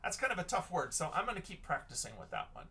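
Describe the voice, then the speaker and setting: A man's voice: high voice, sing-song, fast, sharp tone. A male teacher giving a recorded reading lesson for children, patiently sounding out words letter by letter.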